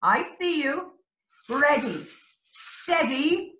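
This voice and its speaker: A woman teaching young children, animated and sing-song, with exclamations and little songs. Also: high-pitched, slow pace. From Ireland. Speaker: early years teacher. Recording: roomy echo.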